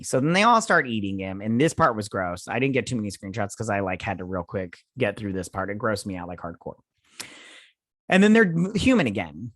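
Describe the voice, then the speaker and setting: A man's voice: on the low side, big pitch swings, brisk, fairly bright tone, dry recording, clean studio sound. Rambling male TV review host. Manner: rambling, loose, searches for words mid-sentence. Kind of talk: casual spoken episode recap and review.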